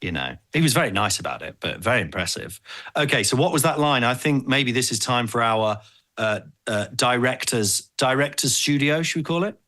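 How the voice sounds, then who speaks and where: Bright-voiced jokey man. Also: mid-range voice, expressive, a little fast. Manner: playful, jokey, breaks into laughter. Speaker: podcast co-host. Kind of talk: casual comedic chat.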